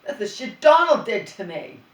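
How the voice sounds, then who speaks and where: A woman's voice: mid-range voice, very animated, normal speed. A middle-aged woman vlogger venting in an agitated, profane, rambling monologue full of restarts. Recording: roomy and distant from the mic.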